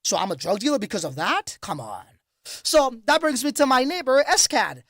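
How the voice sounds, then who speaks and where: A man hosting a livestream, telling stories in casual, profane, animated chat. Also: extremely high pitch, moderate pace, no echo, studio quality. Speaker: crypto livestream host.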